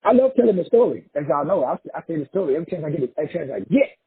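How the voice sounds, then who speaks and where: A man's voice: fairly high pitch, very animated, rapid-fire, slight background noise. A man from Texas giving a profane, emphatic motivational monologue, repeating phrases for effect. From Texas, USA. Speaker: motivational speaker. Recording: tinny phone-like audio.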